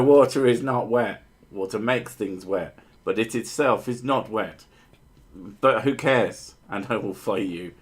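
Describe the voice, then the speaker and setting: A man hosting a podcast, trading crude jokes in casual chat. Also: lowish voice. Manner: crude, joking banter with bursts of silly voices. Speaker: podcast host.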